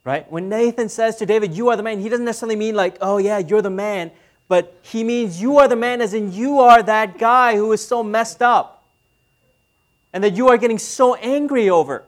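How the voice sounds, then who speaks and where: A man's voice: sits high, normal speed. Conversational male pastor preaching. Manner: conversational, asks the audience questions. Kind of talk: sermon.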